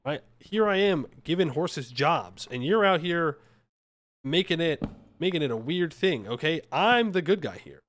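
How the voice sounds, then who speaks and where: A male streamer talking casually over a live game, bantering with chat and defending himself in jest. His voice sits a little high for a man and jumps around a lot in pitch. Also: lively intonation, a little slow, fairly bright tone. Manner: playful, joking with chat, mock-defensive. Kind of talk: casual live-stream commentary while playing.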